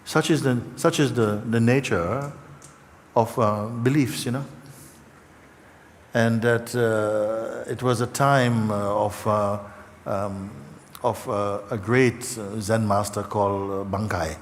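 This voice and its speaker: A man giving a gentle spiritual talk to an audience, slow and halting, with many fillers and repeated words, emotional at times. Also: lowish voice, fairly even intonation, slight background noise. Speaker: spiritual teacher. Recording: hall reverb, faint ambience.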